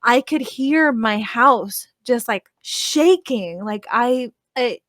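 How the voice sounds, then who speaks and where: A woman in her thirties chatting casually, her voice sitting a bit high and close on a dry, dead-sounding mic. She rambles and swears freely, leaning on "like" between every thought. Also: animated, slow, a bit bright, dry recording. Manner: rambling, profane, full of "like" fillers. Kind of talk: casual chat.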